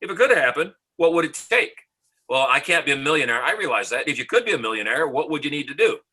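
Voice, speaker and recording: A man's voice: fairly high pitch, big pitch swings, fast, pushed and bright, slightly rough, rough recording. A middle-aged man from the United States, a motivational speaker, telling a story confidently as a podcast guest and acting out the dialogue. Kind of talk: storytelling in an interview.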